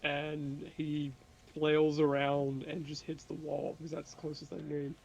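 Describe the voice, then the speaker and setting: A man's voice: on the high side, monotone, measured pace, vocal fry, a little mellow. A man playing a tabletop game, describing his character's actions in a casual way. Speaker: player. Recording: dull lo-fi mic with faint noise.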